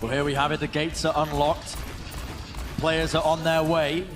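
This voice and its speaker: Male esports caster, high voice, excitable play-by-play, music underneath. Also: moderate pace. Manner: excited, builds to shouts on big plays. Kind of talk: play-by-play commentary.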